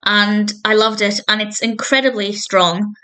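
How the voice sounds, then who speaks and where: A woman's voice: mid-range voice, little pitch movement, a little slow, bright, forceful tone, smooth. A woman reviewing a TV episode in a casual spoken style, retelling scenes with thoughtful, enthusiastic commentary and small self-corrections. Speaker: film and TV reviewer.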